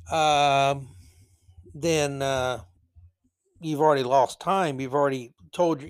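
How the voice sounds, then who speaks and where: A man hosting a podcast, delivering an exasperated, sarcastic monologue with scornful asides. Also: fairly high pitch. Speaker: podcast host.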